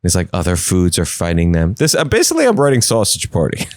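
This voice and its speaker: A man's voice: sits low, huge pitch swings, fast, dry recording, studio quality. A man hosting a podcast, riffing in a rambling, jokey way. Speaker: podcast host. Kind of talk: casual comedic riffing.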